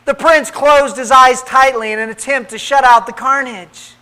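A man narrating a story in a measured, dramatic way, with pauses. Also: extremely high pitch, fairly even intonation, bright, forceful tone, clear, resonant tone, low-quality recording.

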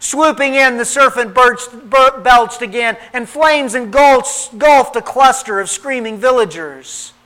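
A man narrating a story in a measured, dramatic way, with pauses. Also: very high-pitched, sharp tone, low-quality recording.

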